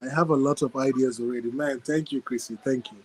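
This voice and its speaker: A man's voice: mid-range voice, steady tone, darkish tone, low-quality recording. A man hosting a podcast in casual chat, effusive and full of thanks, reading out and praising listener ideas. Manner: effusive, thanks people often, quick to laugh. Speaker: podcast host.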